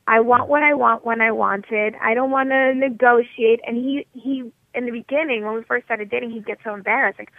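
A woman from New York in her thirties, a motivation coach talking as a radio guest in a blunt, energetic, straight-talking way over the phone. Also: fairly high pitch, brisk, vocal fry, hardly any pauses, dry recording. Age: 30s. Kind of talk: radio interview. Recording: tinny phone line, dry.

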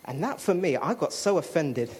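A man's voice: fairly high pitch, sing-song, normal speed, a little mellow, a little hiss or hum. A man giving a chatty personal testimony to a congregation, with fillers and restarts. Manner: chatty storytelling with fillers and self-interrupting apologies.

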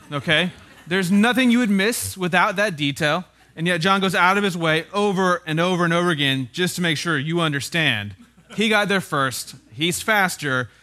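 A male pastor gives a relaxed, chatty sermon in a slightly high, bright, forward voice. He teaches with dry humor and keeps tossing "right?" to the congregation. His tone stays easygoing and close, like a talk among friends. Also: normal speed. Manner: casual and wry, with frequent "right?" tag questions. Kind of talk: conversational sermon.

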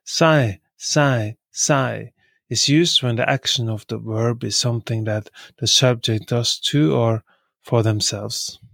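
A man teaching a language lesson, repeating each example word three times in a measured way with occasional fillers. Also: medium pitch, steady tone, gravelly, a bit bright, no echo. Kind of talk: slow repetitive lesson.

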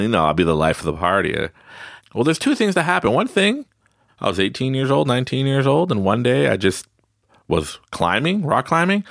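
Animated, gravelly-voiced man hosting a podcast. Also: dry recording, clean studio sound. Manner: animated storytelling, acts out quotes in a high voice, laughs often. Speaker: podcast host. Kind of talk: casual solo podcast monologue.

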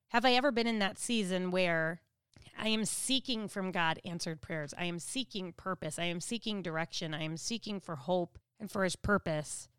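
A woman's voice: mid-range voice, a bit bright, clean tone, no echo, studio quality. A woman giving a conversational devotional teaching who asks listeners direct questions. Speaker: devotional speaker.

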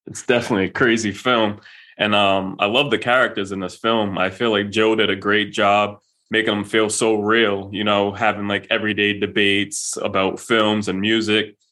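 A man's voice: fairly low pitch, level tone, moderate pace, bright, forceful tone. A man co-hosting a podcast interview, asking questions in an easygoing way. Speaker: podcast co-host. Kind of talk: casual interview chat.

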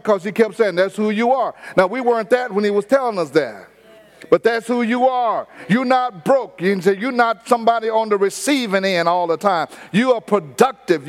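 A middle-aged man preaching a sermon, emphatic and repetitive, with touches of humor. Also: high-pitched. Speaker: pastor.

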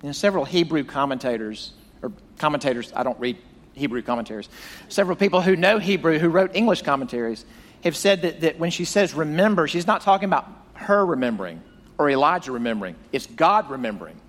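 A man's voice: a little high, lively intonation, quick pace, in a large hall. A male pastor preaching a sermon, retelling a story dramatically and acting out the quoted voices.

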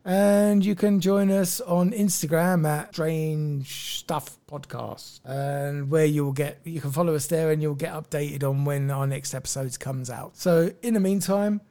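A woman's voice: deep voice, a little slow, hardly any pauses, mellow. A woman co-hosting a podcast, outspoken and ranting in casual chat. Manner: outspoken, ranting, conspiracy-minded. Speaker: podcast co-host.

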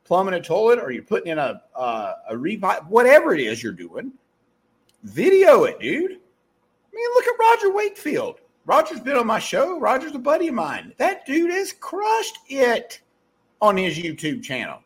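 A middle-aged man with a softened Southern US accent, hosting a podcast and giving a blunt, profane motivational pep talk that he keeps correcting mid-sentence. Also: high voice, wildly swooping pitch, moderate pace, husky. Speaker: podcast host. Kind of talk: casual motivational monologue.

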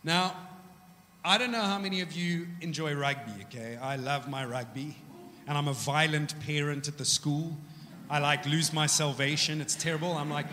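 Animated high-voiced man preaching in a hall. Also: normal speed, slight background noise. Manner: casual, joking, animated storytelling. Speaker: pastor. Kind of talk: sermon. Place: church. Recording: echoey church hall.

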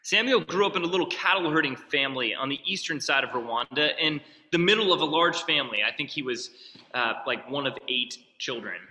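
A man's voice: on the high side, expressive, fairly quick, pushed and bright. A man preaching a sermon as pastor, telling stories in a conversational way with asides. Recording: long reverb of a large hall.

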